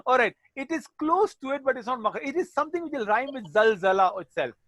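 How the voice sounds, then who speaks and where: A man's voice: very high voice, expressive, fast talker, fairly bright tone, dry recording. A male teacher giving a chatty, jokey online class, sprinkling in Arabic religious phrases.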